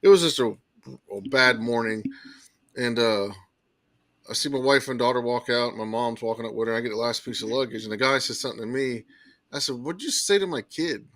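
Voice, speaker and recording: A man's voice: medium pitch, fairly quick, dry recording. A man telling a personal story on a podcast in a casual, emphatic way. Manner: animated, emphatic retelling with acted quotes.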